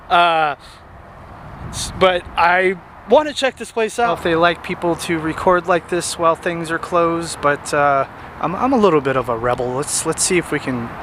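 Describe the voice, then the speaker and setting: A man vlogging as he walks through a city park, chatty and excited, rambling as he films on a handheld camera. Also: sits high, slight background noise. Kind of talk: casual walking tour narration.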